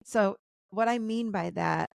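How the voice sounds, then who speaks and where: Woman coach on a video call, gravelly voice, dry close sound, chatty and laughing a lot. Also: medium pitch, measured pace, no room sound. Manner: animated, laughing, acts out client quotes. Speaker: guest coach and author. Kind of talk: casual interview chat.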